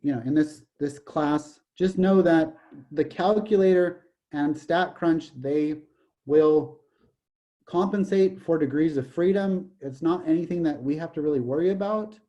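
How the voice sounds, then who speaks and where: Give me a man lecturing on statistics with a raised, mellow voice, throwing in jokes. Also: on the high side, unhurried, dull audio. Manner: jokey, digressive, repeats "okay". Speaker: college math professor.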